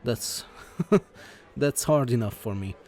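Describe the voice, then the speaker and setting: A man commenting on a video game he plays, reading the game's text aloud in his own plain voice and talking in a halting way, with many fillers and restarts. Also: mid-range voice, darkish tone. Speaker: let's play host.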